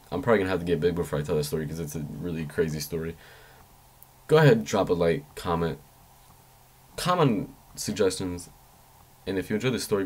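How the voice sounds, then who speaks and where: A young man vlogging a story in a loose, rambling way, swearing freely and jumping up high when he quotes his own panicked thoughts. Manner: rambling, excitable, swears freely, jumps into high squeaky voice when quoting himself. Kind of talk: casual storytelling vlog.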